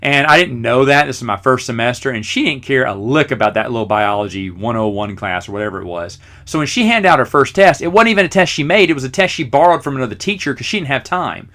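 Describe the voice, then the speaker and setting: Middle-aged man, podcast host, rambling self-mocking stories, crisp bright voice. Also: mid-range voice, expressive, fast talker, hardly any pauses. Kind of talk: casual storytelling.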